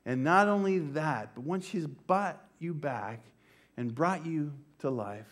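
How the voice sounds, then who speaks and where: Older man preaching, slightly high voice. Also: animated. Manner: preaching with slowed, emphatic phrasing and dropping to near-whispers. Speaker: pastor. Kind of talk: sermon. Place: church.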